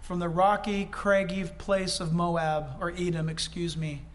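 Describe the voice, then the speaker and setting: High-voiced impassioned male preacher. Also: level tone, unhurried. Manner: impassioned, conversational asides to the congregation. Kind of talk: sermon.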